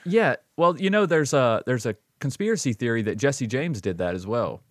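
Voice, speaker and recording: A man's voice: mid-range voice, expressive, normal speed, no echo. Easygoing male podcast co-host, dry mic. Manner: easygoing, swears casually, says bro and dude. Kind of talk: casual chat.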